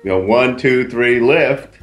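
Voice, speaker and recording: A man's voice: medium pitch, slow pace, soft background music. Laid-back man telling a story. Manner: relaxed, hesitant with fillers, dry humor. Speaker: podcast co-host. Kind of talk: casual storytelling chat.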